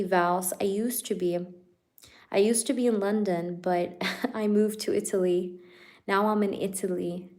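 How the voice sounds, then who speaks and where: A woman's voice: medium pitch, darkish tone. A woman hosting a live tarot stream, chatting casually with viewers. She is playful, laughs often and fills her talk with "like" and "you know".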